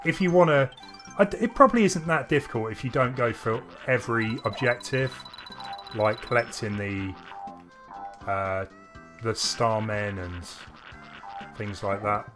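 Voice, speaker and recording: A man's voice: mid-range voice, measured pace, long pauses, faint music behind. Chatty man streaming retro games. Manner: rambling, with frequent restarts and laughs. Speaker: streamer co-host. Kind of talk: casual chat while playing games.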